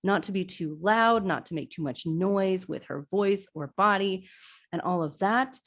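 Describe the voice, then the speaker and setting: A woman, hosting a podcast and excitedly recapping a movie scene by scene. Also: medium pitch, unhurried. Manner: chatty, excitable, laughing asides. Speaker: podcast host. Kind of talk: casual movie rewatch recap.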